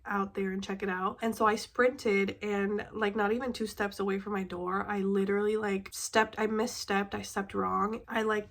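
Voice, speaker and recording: A woman's voice: mid-range voice, fairly bright tone. A young woman chatting casually to her vlog audience, sounding a bit nasal from a cold, rambling with fillers and the odd swear word. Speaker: vlogger. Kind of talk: casual sit-down chat.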